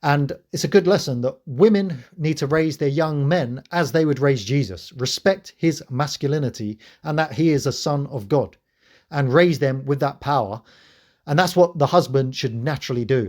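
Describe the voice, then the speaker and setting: A man speaks straight to his viewers in an earnest, preachy spiritual monologue. His voice sits at an ordinary middle pitch, and he sounds like a host talking to camera about faith. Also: darkish tone. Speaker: channel host.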